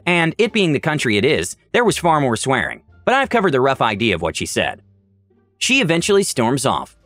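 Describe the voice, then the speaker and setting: A man reading online stories aloud as narrator, with a wry, deadpan delivery. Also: mid-range voice, no echo.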